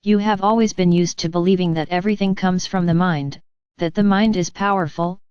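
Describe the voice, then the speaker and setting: A woman delivering a channeled spiritual message, speaking gently and patiently to her listeners. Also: lowish voice, steady tone, fairly quick, clean tone, no echo, dull audio. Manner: gentle, patient, addresses listeners as dear ones.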